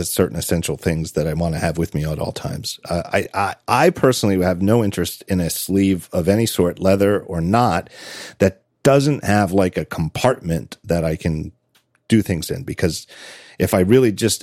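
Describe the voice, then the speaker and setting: A man's voice: low-pitched, moderate pace, a little mellow, no room sound, studio quality. A man hosting a podcast in casual chat, telling stories with frequent laughs and self-corrections. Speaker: podcast host.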